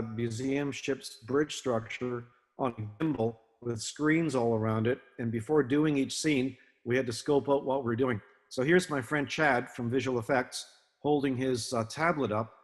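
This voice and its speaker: An older man giving an illustrated talk to an audience, relaxed and anecdotal, with many fillers and restarts. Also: mid-range voice. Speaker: guest speaker, film naval advisor. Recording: long hall reverb.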